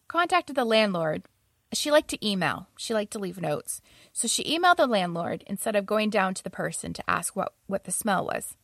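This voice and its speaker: A woman's voice: mid-range voice, fairly bright tone, no echo, clean studio sound. A young adult woman casually telling stories about her roommates, often laughing as she talks. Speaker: storyteller.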